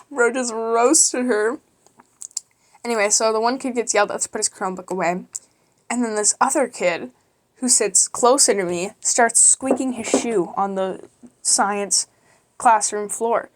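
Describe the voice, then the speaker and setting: A young woman in her teens telling casual stories about her school days, animated and quick, with plenty of fillers. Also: fairly high pitch. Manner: quick, rambling with many fillers. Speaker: YouTuber. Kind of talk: casual storytelling.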